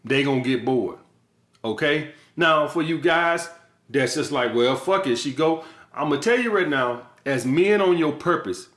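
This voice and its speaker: A man's voice: fairly high pitch, expressive, unhurried, fairly bright tone. A man acting as a dating coach, giving blunt, profane advice in a casual monologue and hammering points home through repetition. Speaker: dating coach and channel host. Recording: echoey room.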